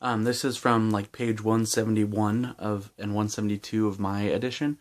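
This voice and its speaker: A man's voice: on the low side, flat delivery, moderate pace. A man giving a casual, enthusiastic book review with lots of fillers and restarts while chewing gum.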